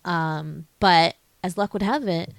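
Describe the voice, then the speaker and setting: A woman co-hosting a casual podcast, recapping a movie with lots of laughter, swearing and quick acted-out lines. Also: on the low side, gravelly, no echo. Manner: chatty, laughing, swearing, acts out characters in quick asides. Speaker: podcast co-host.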